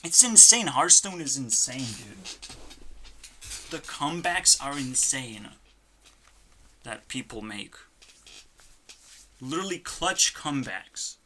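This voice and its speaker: A channel host at a home computer desk, delivering a frustrated rant full of swearing that swings between loud outbursts and quiet muttering. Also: mid-range voice, lively intonation, slow pace, long pauses, slight background noise. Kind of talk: ranting vlog.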